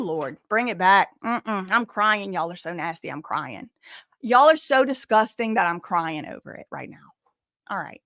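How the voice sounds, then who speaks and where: A woman hosting a casual livestream commentary, reading out chat messages and reacting loudly, repeating phrases and exclaiming with disgust. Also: mid-range voice, animated, moderate pace, no room sound, studio quality.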